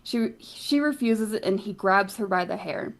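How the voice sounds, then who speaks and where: A woman recounting a fantasy game session in a loose, wry way. Her voice sits at an ordinary middle pitch, and the telling is casual and a bit irreverent. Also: expressive, a little slow. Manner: casual, wry, laughs and swears. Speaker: game recap narrator.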